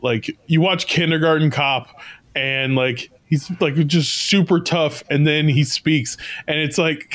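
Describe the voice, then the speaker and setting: Slow-talking man in casual chat. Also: fairly high pitch, fairly bright tone. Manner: rambling, laughs often, swears. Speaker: podcast co-host.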